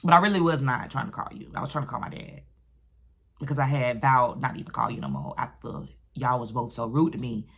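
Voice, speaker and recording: A woman, telling a story on her vlog in a ranting, animated manner. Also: extremely low pitch, slightly rough. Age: adult, has a daughter. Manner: animated, vents and rants, quick shifts. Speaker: vlogger.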